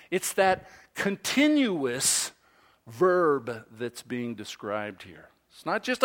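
A man preaching a sermon, swinging from loud, emphatic stresses to soft, low asides. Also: huge pitch swings. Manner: slow, deliberate delivery with pauses. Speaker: pastor.

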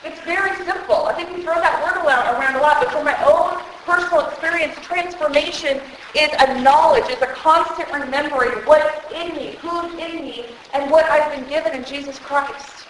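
A woman's voice: sits high, moderate pace, fairly bright tone, a little hiss or hum. A woman preaching at a women's conference, earnest and emotional, speaking straight to her audience through a microphone. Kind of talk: sermon. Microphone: handheld microphone. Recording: very echoey hall.

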